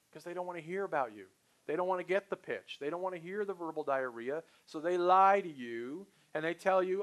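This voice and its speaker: A man with a high-pitched, brisk voice leads trainees through a live sales training talk. His manner is casual and animated as he acts out quick phone exchanges, delivering lines for both the salesperson and the customer.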